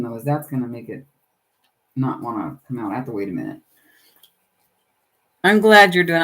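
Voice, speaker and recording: Working on her journals during a relaxed crafting livestream, a middle-aged woman greets and chats with viewers by name. Her voice is deep and a little mellow.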